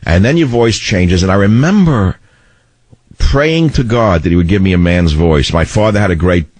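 A middle-aged man with a baritone voice, hosting a talk radio show in a combative, rambling way. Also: animated, normal speed, a little mellow, no echo. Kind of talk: opinionated talk radio monologue. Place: radio studio. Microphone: studio microphone.

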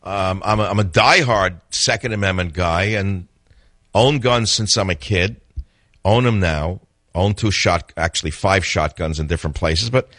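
A man's voice: on the low side, a bit bright, dry recording, clean studio sound. A middle-aged man hosting a talk radio call-in show, blunt and opinionated, chuckling often.

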